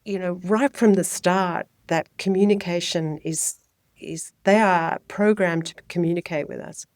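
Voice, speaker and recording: A middle-aged woman, a child health nurse and midwife, giving clear, lively parenting advice in a podcast interview. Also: on the low side, a little slow, dry recording, studio quality. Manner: explanatory, lively when voicing babies and parents.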